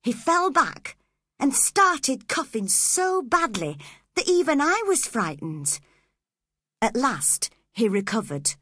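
Slow, expressive woman narrating a storybook. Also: sits high, husky, no room sound, studio quality.

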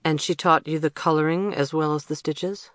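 A storybook narrator voicing a grown man, a calm council official who speaks in a measured, composed way. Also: medium pitch, dry recording, clean studio sound, natural voice.

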